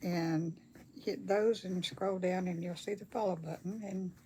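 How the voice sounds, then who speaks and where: A woman's voice: fairly low pitch, steady tone, unhurried, darkish tone, slight background noise. An older woman chats casually with viewers during a craft livestream, reading their comments aloud in a folksy way. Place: home craft table.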